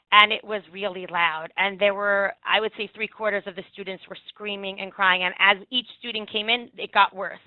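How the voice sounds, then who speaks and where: A woman's voice: medium pitch, dry recording, narrow, tinny audio. A woman giving a presentation to parents and teachers, offering direct, reassuring advice and repeating her key points for emphasis. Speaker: early childhood education speaker. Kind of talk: presentation on separation anxiety.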